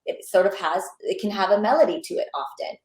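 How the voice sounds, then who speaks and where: A young woman talks casually as an interview guest, lively and full of enthusiasm, filling her sentences with little fillers. Her voice sits at a middle pitch. The room around her sounds noticeably echoey. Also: fast talker. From Pakistani and Bangladeshi heritage. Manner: animated, enthusiastic, many fillers. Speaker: actor guest.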